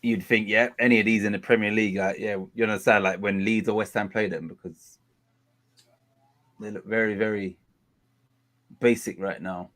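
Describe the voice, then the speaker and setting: A man, hosting a casual live watchalong of a football match. He complains about dull play and gets excited during attacks. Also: fairly low pitch, normal speed, long pauses. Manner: chatty, groans at a dull game, excited bursts at attacks. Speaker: watchalong host.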